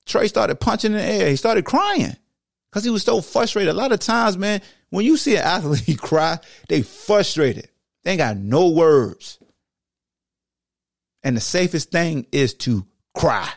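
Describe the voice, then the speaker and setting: A man hosting a sports podcast, talking with emphatic repetition that swings between low, heavy stretches and high, excited bursts. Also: measured pace, vocal fry, dry recording, clean studio sound. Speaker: podcast host and former football player. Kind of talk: impassioned monologue.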